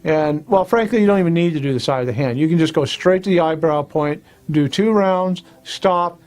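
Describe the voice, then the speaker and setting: A man hosting a self-help lesson, talking viewers through tapping points and repeating short affirmation phrases in a relaxed, plain-spoken way. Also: a little high. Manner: repetitive instructional talk with affirmation phrases. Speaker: host and tapping practitioner.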